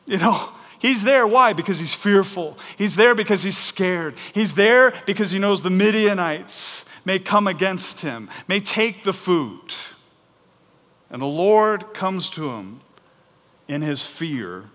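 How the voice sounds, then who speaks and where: Male pastor, fairly high voice, animated preaching that swings loud and soft, long hall reverb. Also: takes it slowly. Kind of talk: sermon.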